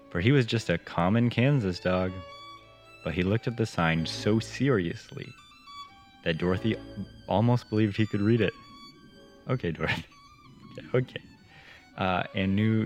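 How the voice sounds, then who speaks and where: A man reading a children's storybook aloud and breaking off with wry, playful jokes about the text. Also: sits low.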